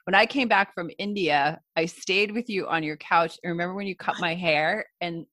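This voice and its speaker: A woman hosting a conversation, gushing and effusive, laughing often as she talks. Her voice is bright and forward, recorded close and dry with no room sound. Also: lowish voice, normal speed, dry recording. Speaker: podcast host. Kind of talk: emotional, warm-hearted chat.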